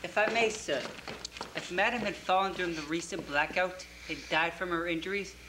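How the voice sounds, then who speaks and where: A man's voice: high-pitched, a little fast, natural voice. A man playing a formal butler. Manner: formal, deferential. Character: formal, dignified male butler. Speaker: community theater actor. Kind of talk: stage play acting. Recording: roomy stage recording, faint hiss.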